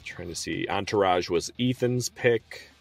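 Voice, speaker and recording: A man in his thirties co-hosting a podcast, telling stories in animated casual chat, with quick bursts and laughter. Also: deep voice, creaky, faint music behind. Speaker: podcast co-host.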